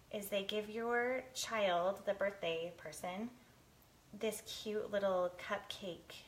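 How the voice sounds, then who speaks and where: A woman in her thirties hosts a casual live cooking show from a home kitchen, chatting to viewers and reading their comments aloud. She is teary from chopping onions and laughs often. A faint hiss sits under her voice. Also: mid-range voice. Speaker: lifestyle show host. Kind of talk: live cooking stream chat.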